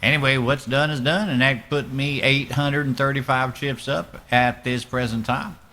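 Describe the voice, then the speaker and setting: A man's voice: mid-range voice, steady tone, moderate pace, sharp tone. A man talking in a put-on Southern US accent, commentating his own online poker game in a laid-back, profane, joking way. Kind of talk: casual live game commentary.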